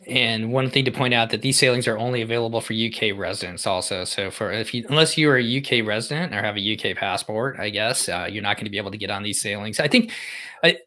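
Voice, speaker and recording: A man's voice: fairly low pitch, quick pace, sharp tone. A man co-hosting a podcast, chatting casually through cruise news with fillers and restarts. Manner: conversational, frequent fillers and restarts. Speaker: podcast co-host.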